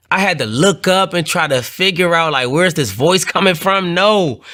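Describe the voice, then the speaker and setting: Earnest man giving a personal testimony. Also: a bit bright. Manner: earnest, repeats phrases, rises in pitch when moved. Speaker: testimony speaker.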